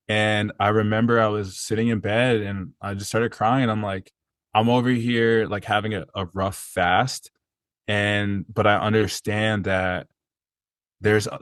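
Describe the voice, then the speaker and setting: A man's voice: lowish voice, fairly bright tone, dry recording. A man talking casually and earnestly as a podcast guest, rambling with fillers and restarts. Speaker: podcast guest, personal trainer. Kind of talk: casual conversational storytelling.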